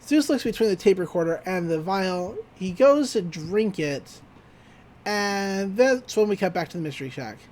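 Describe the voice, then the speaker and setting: A podcast host recaps a cartoon episode in casual chat. The voice sits in a middle register but swings widely in pitch as the host tells the story. The telling is animated and full of laughter, with quick character voices along the way. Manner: animated retelling, often laughing.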